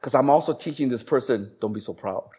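A man's voice: mid-range voice, slightly rough. Male pastor preaching a sermon. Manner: animated storytelling, bursts of laughter and acted voices; slows down for emphasis on key phrases.

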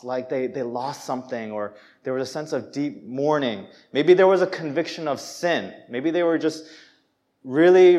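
A young man preaching a sermon in a church, conversational and animated, acting out people's reactions as he speaks. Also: medium pitch. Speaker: pastor.

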